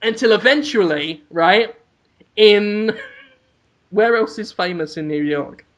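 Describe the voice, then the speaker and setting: A man's voice: high-pitched, slow pace, fairly bright tone. A man co-hosting a comedy podcast, rambling through an absurd made-up story and laughing at his own jokes. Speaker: podcast co-host.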